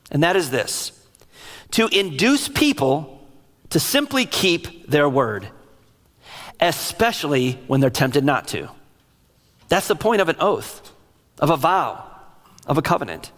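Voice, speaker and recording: A middle-aged man preaching a sermon as a pastor, telling stories in an emotional, animated way. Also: on the high side. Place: large church sanctuary. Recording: long reverb of a large hall.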